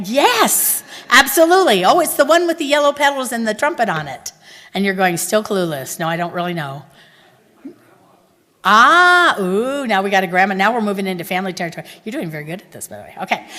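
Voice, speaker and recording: A woman from Texas with a Texan accent, giving a chatty, animated conference talk and asking her audience questions. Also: fairly high pitch. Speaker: conference speaker. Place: large conference hall. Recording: reverberant hall.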